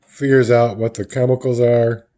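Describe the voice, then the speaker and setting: A man's voice: mid-range voice, flat delivery, normal speed, mellow. A man casually retelling the panels of a comic book in a loose, rambling way, as a reviewer.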